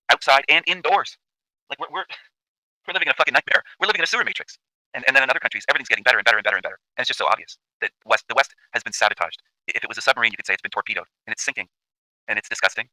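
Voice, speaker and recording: A man from Canada rants at a breakneck pace, cursing and circling back to the same points again and again. His tone is bright and sharp, and he sounds dry and close to the mic. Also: medium pitch, rapid-fire, no room sound, rough recording. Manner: emphatic, profane, repetitive. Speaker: channel host. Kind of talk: ranting commentary over video.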